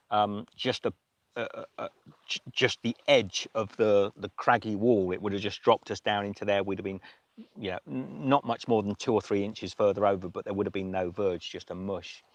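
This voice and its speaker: A man hosting a livestream, telling a story in a casual, emotional way with many halting restarts. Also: fairly low pitch, dry recording. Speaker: livestream host.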